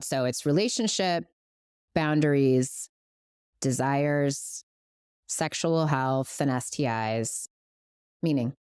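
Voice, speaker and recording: A woman's voice: a bass voice, slow pace, long pauses, a little mellow, clear, resonant tone, dry recording, studio quality. A middle-aged woman co-hosting a casual podcast, frank and playful with a sarcastic streak and casual swearing. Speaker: podcast co-host.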